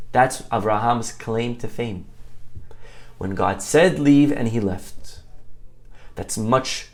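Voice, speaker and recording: Animated storytelling rabbi. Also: male voice, medium pitch. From Brooklyn. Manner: animated storyteller, acts out dialogue, many "okay?" asides. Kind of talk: sermon with storytelling.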